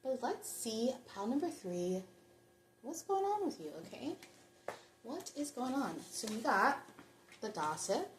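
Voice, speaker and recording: A woman's voice: fairly high pitch, big pitch swings, measured pace, long pauses. Woman, tarot reader, chatty and reflective, roomy echo, faint hiss. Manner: chatty, reflective, addresses viewers directly. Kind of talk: pick-a-card tarot reading.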